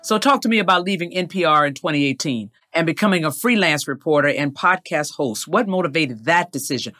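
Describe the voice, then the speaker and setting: An older interviewer speaks at a medium pitch with a measured, emphatic delivery. They reflect on their career and push listeners to think bigger. The talk is calm and deliberate. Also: soft background music. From American South.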